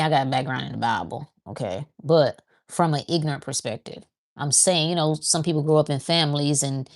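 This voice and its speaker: Woman host, deep voice, rambling self-talk spiritual chat. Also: gravelly, darkish tone. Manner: conversational, repeats herself, talks to herself as she thinks aloud. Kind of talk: casual spiritual monologue.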